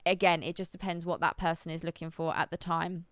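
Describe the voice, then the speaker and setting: A woman's voice: lowish voice, flat delivery, fairly quick, fairly bright tone, smooth, no echo, studio quality. A woman co-hosting a live stream, chatting casually and thinking aloud with plenty of ums. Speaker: stream co-host.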